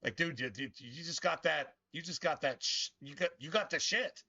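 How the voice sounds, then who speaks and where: A gaming streamer rants bitterly over his gameplay, swearing a lot and rambling with many stumbling restarts. His fairly high voice has vocal fry and a pushed, bright quality at a moderate pace, and the sound is lo-fi.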